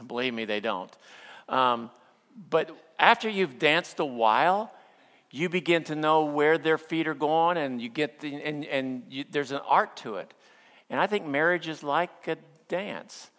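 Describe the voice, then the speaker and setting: A middle-aged male pastor preaching a sermon, telling stories with playful humor and acting out quotes, then slowing down for earnest points. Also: on the high side, a bit bright. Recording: long hall reverb.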